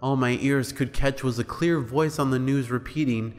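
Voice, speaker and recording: A man's voice: medium pitch, fairly even intonation, moderate pace, in a large hall, faint music behind. A man reading a creepypasta horror story aloud in a casual storytelling manner. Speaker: creepypasta narrator.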